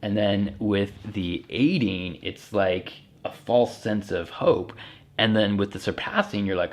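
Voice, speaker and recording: A man, a young adult, explaining a text like a teacher in a casual, relaxed way, thinking aloud as he goes. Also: lowish voice, unhurried. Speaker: English teacher. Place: home.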